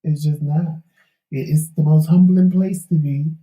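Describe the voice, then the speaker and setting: A man's voice: on the high side, fairly even intonation, a little slow, dark tone, echoey room, far from the mic, low-quality recording. A man co-hosting a talk show, telling a candid life story in an emphatic, preachy way. He is losing his voice. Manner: preachy, emphatic, folksy Southern-tinged slang.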